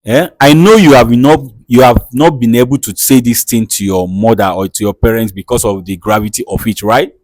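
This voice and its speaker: A man hosting a comedy skit in his studio, soothing his guest with repeated calming words. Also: mid-range voice, brisk, few pauses, no room sound, low-quality recording. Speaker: host.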